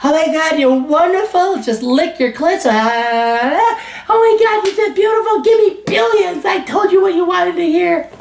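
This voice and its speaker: Man doing a high gushing flatterer woman. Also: a little slow, gravelly, roomy sound, exaggerated voice. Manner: breathless gushing parody.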